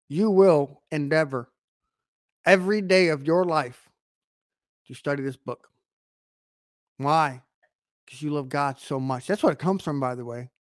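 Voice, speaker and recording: High-voiced emphatic male preacher. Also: dry recording, clean studio sound. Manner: emphatic, with rhetorical questions and swings in loudness. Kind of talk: online sermon to camera.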